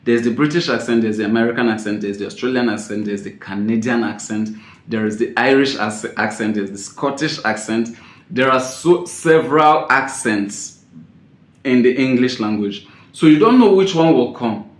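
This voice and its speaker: A man giving a spoken tips lesson as an exam-prep teacher, repeating his key points and stressing words with sudden loud jumps. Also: mid-range voice, moderate pace. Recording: roomy echo.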